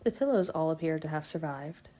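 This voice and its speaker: A woman reading a novel aloud in the first person, in a steady, unhurried way. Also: deep voice. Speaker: fan audiobook reader.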